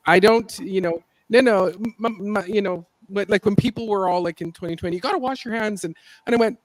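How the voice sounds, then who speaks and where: A woman's voice: mid-range voice, brisk, no echo. A woman hosting a casual gardening livestream, chatty and laughing often as she retells stories. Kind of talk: casual live chat. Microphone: desk mic for livestream.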